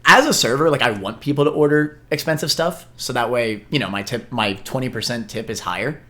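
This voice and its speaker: A young man with a mid-range voice chats on a casual podcast. He tells his stories steadily, filling the pauses with "uh" and "like". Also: medium pitch, pushed and bright. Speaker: podcast co-host.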